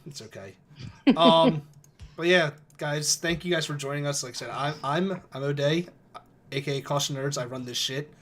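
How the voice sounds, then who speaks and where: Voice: mid-range voice, moderate pace, a bit bright. A game master hosting a live tabletop stream, chatting casually with players, rambling and apologizing often and swearing now and then.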